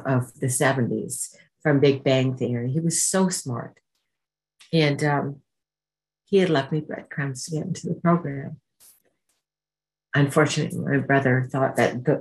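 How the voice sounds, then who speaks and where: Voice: medium pitch, rough recording. A speaker from Canada gives an emotional personal testimony at a recovery meeting, acting out remembered voices while telling the story.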